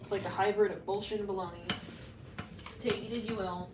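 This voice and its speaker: A woman giving a casual, rambling psychic tarot reading, full of fillers and quick asides, sometimes laughing at herself. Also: medium pitch, steady tone. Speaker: tarot reader. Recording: echoey room, faint background hum.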